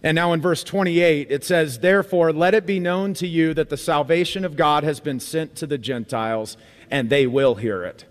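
A man preaching a sermon as pastor of a church, emphatic and animated, repeating phrases for effect. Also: on the high side, normal speed, big-room sound. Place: church sanctuary.

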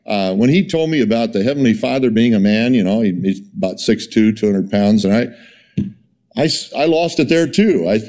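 A man giving a sermon in a conversational, storytelling way, full of fillers and restarts, his pitch jumping up when he is incredulous. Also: animated, normal speed, darkish tone. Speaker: pastor.

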